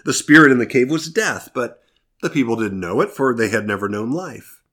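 A male pastor delivers a sermon, moving between scripture reading and storytelling. His voice sits in a middle range, and he leans on deliberate slowdowns to stress key phrases. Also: mid-range voice, animated, pushed and bright. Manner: earnest storytelling, shifting pace for emphasis.

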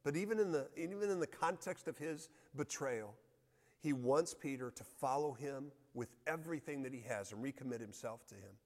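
A man's voice: medium pitch, expressive, normal speed. Earnest male pastor in a reverberant hall. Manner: earnest, reads scripture aloud with emphasis. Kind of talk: sermon.

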